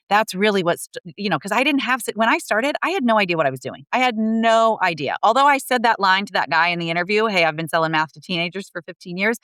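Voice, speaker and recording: Fast-talking woman explaining sales. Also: fairly low pitch, a bit bright, no room sound. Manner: earnest, explanatory, frequent restarts. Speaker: podcast guest, sales coach. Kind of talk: casual podcast conversation.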